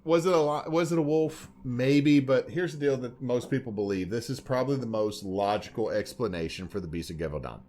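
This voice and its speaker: A man's voice: mid-range voice, fairly quick, few pauses, a little mellow. A man co-hosting a podcast in casual chat, rambling and joking as he talks. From Louisiana. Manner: rambling, joking, puts on silly voices. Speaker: podcast co-host.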